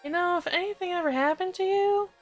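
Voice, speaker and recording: A woman voicing a flamboyant, smooth-talking male police inspector with a drawl. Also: very high-pitched, quick pace, soft background music, voice pushed up. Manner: drawling, calls people baby.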